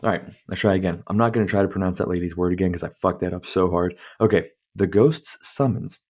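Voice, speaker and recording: Low, mellow-voiced man reading aloud. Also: steady tone, fast talker. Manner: stumbles over words, swears freely, chuckles at the text. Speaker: podcast host. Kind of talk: reading a book aloud with casual commentary.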